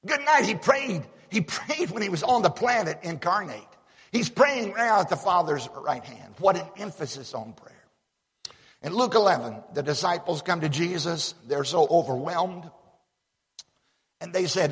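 Male preacher, slightly high husky voice, folksy and emphatic, echoing church hall. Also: lively intonation, moderate pace, fairly bright tone. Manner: folksy, emphatic, repeats words. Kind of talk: sermon. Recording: long hall reverb.

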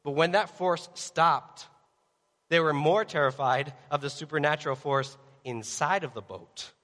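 Male preacher, high-pitched, animated delivery with acted-out voices, hall reverb. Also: measured pace. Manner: animated, acts out voices of worried people and Jesus; asks the audience direct questions. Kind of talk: sermon. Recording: long reverb of a large hall.

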